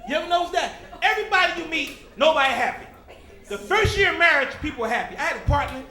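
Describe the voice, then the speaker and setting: A man doing a stand-up comedy set, animated, talking straight to the crowd and slipping into loud character voices. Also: extremely high pitch, fast, reverberant. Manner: talks directly to the crowd. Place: comedy club stage.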